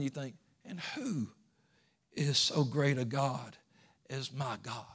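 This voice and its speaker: Male pastor, Sunday school sermon, slightly high pitch, hushed asides rising to impassioned peaks. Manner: impassioned preaching, builds to fervent crescendos; drops to soft hushed asides.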